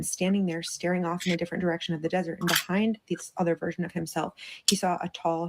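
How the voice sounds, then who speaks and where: A woman's voice: fairly low pitch, gravelly, a little mellow, rough recording. A woman casually telling a spooky story as a streamer, chatty with many fillers. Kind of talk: casual spoken ghost story.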